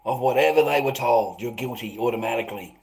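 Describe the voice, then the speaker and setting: A man holds forth on a livestream, bitter and profane. He laughs in scorn, shouts in bursts and then drops to a low mutter. His voice sits at an ordinary male pitch. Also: fast talker, gravelly, poor audio. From Australia. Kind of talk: ranting livestream monologue.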